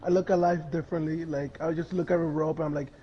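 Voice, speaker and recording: A man's voice: fairly high pitch, level tone, fast talker, dull audio. Crude rambling young man on voice chat. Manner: crude, rambling storytelling with laughs. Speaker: streamer. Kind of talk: casual chat.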